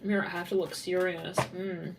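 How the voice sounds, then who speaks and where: A woman's voice: lowish voice, level tone, moderate pace, far from the mic, very noisy. Giggly Californian woman rambling through a tarot reading. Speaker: tarot reader.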